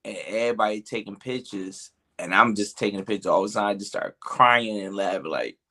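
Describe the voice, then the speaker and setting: A man's voice: lowish voice, fast talker, few pauses, pushed and bright. A man co-hosting a podcast, telling a story in loose, rambling casual chat. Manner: laid-back, loose and rambling, with fillers. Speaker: podcast co-host.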